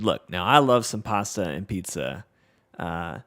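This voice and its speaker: A man's voice: low voice, expressive, measured pace, fairly bright tone, soft background music. A man with a Southern US accent hosting a casual gameplay livestream, reading chat aloud in an easygoing, self-deprecating way. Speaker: livestream host.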